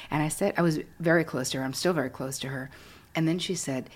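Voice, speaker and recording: A woman's voice: low-pitched, quick pace. A middle-aged woman telling a personal story as an interview guest, frank and self-deprecating. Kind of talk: candid storytelling.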